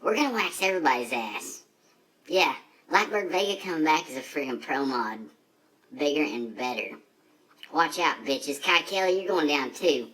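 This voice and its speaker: A man's voice: fairly high pitch, animated, normal speed, sharp tone, poor audio. A man playing a brash, foul-mouthed redneck drag racer in a comedic monologue, full of profane, rambling, boastful trash talk.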